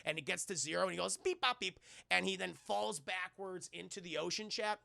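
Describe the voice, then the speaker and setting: A man streaming a casual film recap, animated and profane, often addressing his chat. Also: high-pitched, fairly quick, gravelly, dry recording, clean studio sound.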